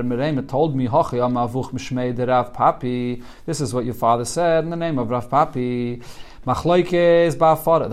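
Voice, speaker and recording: A man teaching a Talmud class in English with Yeshivish terms, translating the Aramaic text line by line and explaining it as he goes. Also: a little high. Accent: English with Yeshivish Hebrew and Aramaic terms. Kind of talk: daily Talmud study class.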